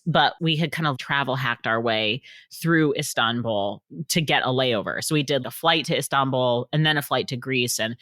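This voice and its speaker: A woman's voice: very deep voice, fairly bright tone, no room sound, studio quality. A woman author talking as a podcast guest, telling stories animatedly and acting out the quotes. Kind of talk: casual storytelling in a podcast interview.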